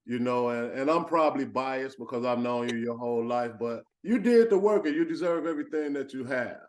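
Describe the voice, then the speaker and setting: A man's voice: mid-range voice, lively intonation, fairly quick, a little mellow, a little hiss or hum. A man with a Chicago accent hosting a podcast, laid-back and slangy, with short reactions. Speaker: podcast host. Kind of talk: casual chat.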